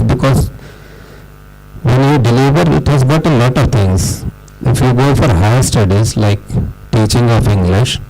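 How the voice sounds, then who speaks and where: A middle-aged man with an Indian accent delivers a formal closing address at a school gathering. His voice is dark and mellow, and he lectures in short emphatic phrases broken by pauses. Faint music plays behind him. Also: lowish voice, rough recording. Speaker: guest speaker at a school debate event. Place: school hall.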